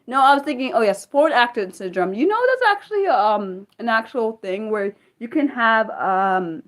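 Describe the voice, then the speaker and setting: A woman hosting a casual unscripted livestream, rambling excitably with lots of quick questions and restarts. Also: a little high. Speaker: livestream host.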